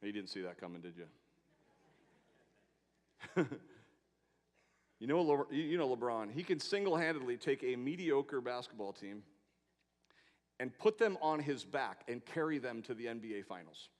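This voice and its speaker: A man preaching a sermon, swinging between loud emphatic proclamations and quiet asides, with rhetorical questions and long lists. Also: mid-range voice, very animated, normal speed, long pauses. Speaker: pastor. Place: church sanctuary. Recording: long hall reverb in a church.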